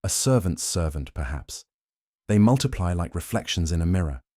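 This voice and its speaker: A man voicing Sherlock Holmes, a calm, keen-eyed detective who speaks in a smooth, measured, almost kind way. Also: low-pitched, no echo, studio quality.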